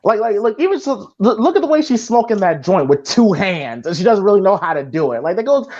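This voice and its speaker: A man's voice: high-pitched, sing-song, brisk, a little mellow. A man co-hosting a casual movie commentary podcast, rambling with many restarts and fillers. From Iowa, US. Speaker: podcast co-host. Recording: dull lo-fi sound.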